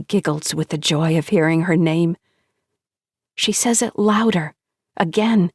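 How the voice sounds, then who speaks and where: Female audiobook narrator, unhurried, husky-soft voice, bone-dry close mic, slightly low. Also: no room sound. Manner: measured, hushed storytelling.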